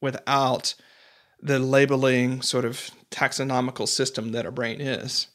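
A man's voice: mid-range voice, flat delivery, unhurried, fairly bright tone. A man hosting a podcast interview, talking reflectively in a casual way and acting out the voices he quotes with small laughs. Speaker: podcast host.

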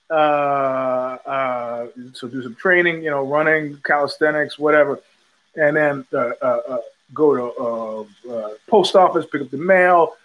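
Through dull audio comes the fairly high-pitched voice of an older podcast host. In a loose storytelling monologue he wanders, restarts and fills gaps with filler words, doing impressions of whoever he's quoting.

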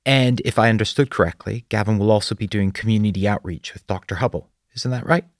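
A man's voice: fairly low pitch, fast talker, no echo, clean studio sound, pitched above the performer's own voice, lightly acted. A man voicing an earnest, caring female schoolteacher.

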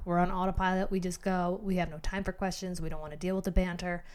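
Upbeat woman coaching listener, lower voice. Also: brisk. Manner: animated, coaching, addresses listener directly. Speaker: podcast host. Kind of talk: motivational podcast talk.

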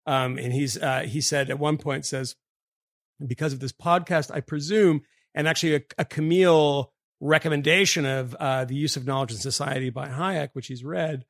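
A man co-hosting a podcast, reading a listener's email aloud in a rambling way with lots of fillers and quick laughs. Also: a little high, fairly even intonation, vocal fry, no room sound, clean studio sound. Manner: rambling, many fillers, laughs mid-sentence. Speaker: podcast co-host.

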